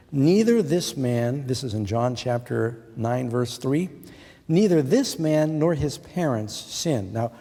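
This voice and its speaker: A middle-aged pastor with a medium-pitched, mellow voice preaches earnestly, putting questions to his listeners. The sermon is heard through long hall reverb.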